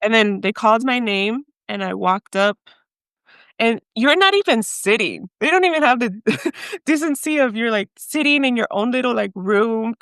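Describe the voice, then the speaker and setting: Husky-edged woman from Mexico telling a story. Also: fairly high pitch, moderate pace, no room sound. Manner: animated, laughs often, mixes in Spanish. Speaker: podcast guest. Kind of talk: storytelling in an interview.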